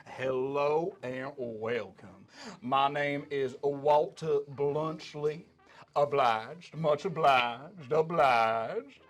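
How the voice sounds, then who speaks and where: A big, jovial elephant showman with a drawl, pompous and loud, as a game master puts him on. He drawls slowly and booms his welcomes. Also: close to an everyday voice. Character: pompous old male elephant showman, booming.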